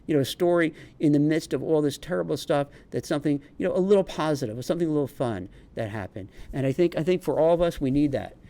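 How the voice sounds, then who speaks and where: A man's voice: on the high side, fast talker, hardly any pauses, warm tone. A middle-aged man from New York with a New York accent, talking in a rambling, chatty way with many restarts in a casual homemade vlog. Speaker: career advice vlogger and recruiter.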